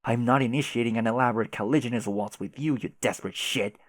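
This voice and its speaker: A man reading a webcomic chat aloud and voicing a furious, foul-mouthed young male troll who shouts insults. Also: medium pitch, fast talker, dry recording, clean studio sound, natural voice. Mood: angry. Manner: shouty, insulting, swears constantly.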